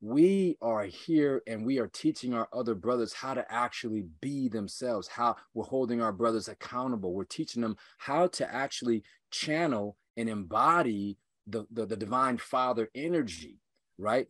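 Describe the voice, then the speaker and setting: A man's voice: mid-range voice, normal speed, a bit bright, dry recording, studio quality. A man guesting on a podcast as an inspirational speaker, talking earnestly with rousing, repetitive emphasis. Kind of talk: earnest motivational conversation.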